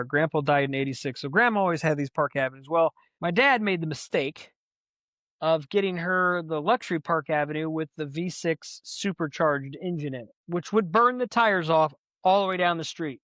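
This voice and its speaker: Man, fairly high voice, lively storyteller, dry close mic, podcast co-host. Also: dry recording. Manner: animated storyteller, acts out quotes. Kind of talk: casual storytelling chat.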